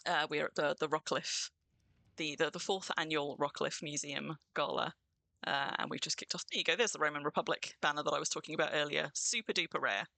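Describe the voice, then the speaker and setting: A woman hosts a game livestream, greeting her viewers and chatting in a bubbly, casual way. Her voice sits low and sounds gravelly and sharp, and she talks briskly.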